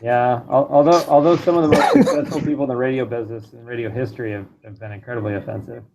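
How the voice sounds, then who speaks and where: A man's voice: mid-range voice, fairly even intonation, quick pace, very noisy. A man who is a guest in a casual podcast chat, asking questions with many stammering restarts. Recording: dull lo-fi audio.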